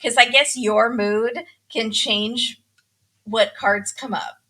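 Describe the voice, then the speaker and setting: Bright-voiced woman podcast host. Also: fairly high pitch, takes it slowly. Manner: animated storytelling, acts out quotes. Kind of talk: casual chat, recapping a reality show.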